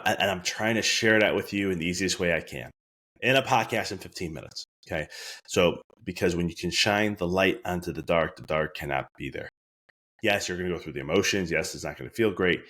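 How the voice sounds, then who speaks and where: This wellness speaker's voice is very low and deep, with a slightly bright quality, as he delivers an earnest, emphatic motivational podcast talk. Key lines often get said twice, and when he voices his own thoughts, his pitch shoots up far higher.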